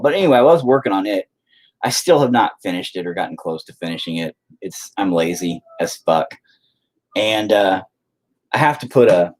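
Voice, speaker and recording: A man chatting casually and profanely with viewers while he paints, rambling and putting himself down. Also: fairly low pitch. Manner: profane, rambling, self-deprecating.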